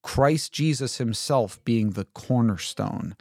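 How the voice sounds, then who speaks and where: A man walks listeners through a scripture passage in an easygoing, talky manner, breaking off to ask rhetorical questions. His voice sits at an ordinary middle pitch and is recorded close and dry, with no room sound. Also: slow pace, gravelly, a little mellow, no room sound. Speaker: Bible teacher. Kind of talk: informal Bible commentary.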